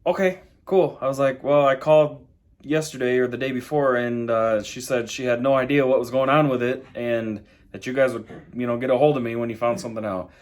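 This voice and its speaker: A man's voice: medium pitch, steady tone, a little fast. A man vlogging from home, telling a long casual story, rambling and full of "I'm like" and "you know". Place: home, dogs in the background.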